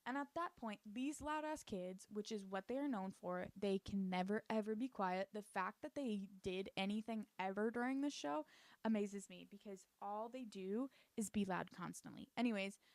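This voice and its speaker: A woman's voice: medium pitch, no room sound. Dry, sarcastic woman recapping a show. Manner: sarcastic, swears freely, slips into quick character voices. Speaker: YouTube recap commentator.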